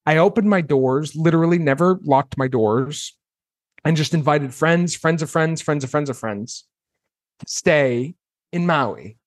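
A man in his thirties tells his story as a podcast guest, his voice sitting at an ordinary middle pitch. He talks casually and with animation, acting out his own past reactions as he goes. The recording is close and dry, with no room sound. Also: no echo.

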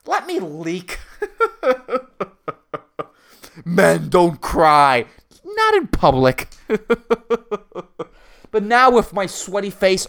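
A male podcast host who rants through a solo comedy show, swearing freely and rambling from one gripe to the next. His pitch swings widely as he goes, he talks at an unhurried pace, and he keeps cracking himself up. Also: huge pitch swings, vocal fry, fairly bright tone. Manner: profane, rambling, laughs at his own jokes.

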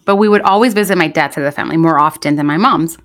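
Lively bilingual woman telling stories. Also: deep voice, rapid-fire. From United States. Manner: animated storyteller, imitates voices in quotes. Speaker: podcast co-host. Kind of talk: casual chat mixing English and Spanish.

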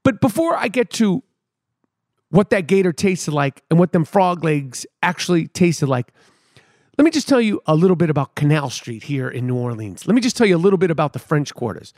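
A man's voice: on the high side, a little fast, no echo, studio quality. A middle-aged man, hosting a podcast and telling a comic story with emphatic repetition and street slang. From New York City. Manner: animated, emphatic, repeats words for effect, street slang. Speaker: podcast host. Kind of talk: comedic storytelling monologue.

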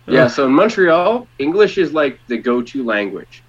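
Canadian guy from ontario on a podcast, bouncy pitch, sarcastic jokes, muffled lo-fi audio. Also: normal speed. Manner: lively, sarcastic, puts on mock voices. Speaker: guest. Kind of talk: joking podcast chat.

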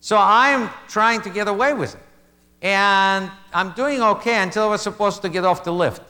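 A middle-aged man from Russia, telling a self-mocking stand-up story with loud gasping laugh bits. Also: high-pitched, moderate pace. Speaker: stand-up comedian. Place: live comedy venue. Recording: reverberant live hall with crowd noise. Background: audience laughter and room ambience.

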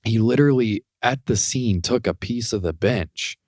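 A young man co-hosting a podcast, casual chat, swearing a lot and retelling a story with lively impressions. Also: lowish voice, normal speed, dry recording, studio quality. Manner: profane, animated retelling with rising shouty impressions. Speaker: podcast co-host.

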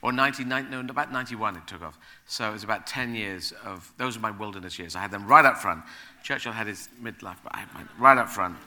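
A middle-aged man, a guest, telling animated anecdotes in a casual chat, rambling and correcting himself as he goes. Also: fairly low pitch, fast.

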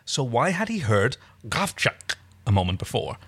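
A man's voice: medium pitch, big pitch swings, moderate pace, fairly bright tone, husky. A man co-hosting a podcast, reading fan fiction aloud with wry, chatty asides. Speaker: podcast co-host.

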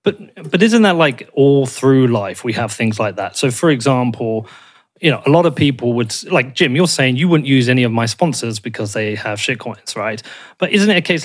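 A man hosting a podcast, pressing his guests with halting, probing questions in a casual debate. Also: mid-range voice, expressive. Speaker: podcast host.

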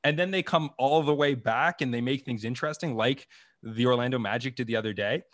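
A young man, a sports reporter guest talking through his gripes in a measured, matter-of-fact way. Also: mid-range voice, dry recording, clean studio sound. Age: young adult. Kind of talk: casual sports chat.

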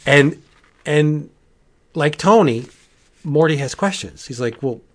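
A man hosting a casual comic book review podcast, rambling and animated, with frequent asides and restarts. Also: fairly high pitch, takes it slowly. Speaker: podcast host.

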